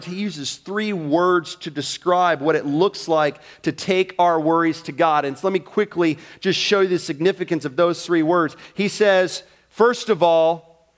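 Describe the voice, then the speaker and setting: A man's voice: high voice, a bit bright. A man pastor preaching a sermon in a church, emphatic and acting out prayers and quoted talk.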